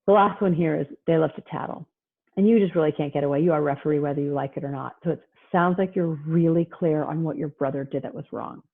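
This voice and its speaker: A woman's voice: sits low, fast talker. Lady talking parenting on a video call, chatty, plays out the kids' voices, sounds like a tinny phone line. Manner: chatty, acts out kids and parents in quoted asides. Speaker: parenting presenter. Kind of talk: casual online talk.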